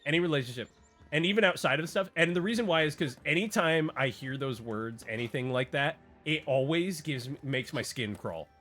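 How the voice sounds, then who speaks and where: A man's voice: fairly high pitch, expressive, brisk, a bit bright, soft background music. A man chatting casually on a gaming stream, rambling and joking with lots of fillers and restarts.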